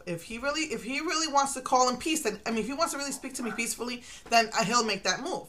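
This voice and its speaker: Bright-voiced emotional middle-aged woman. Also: a little high, lively intonation, fast. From Puerto Rico. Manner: emotional, rambling, with restarts. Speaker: vlogger. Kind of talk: personal confessional monologue.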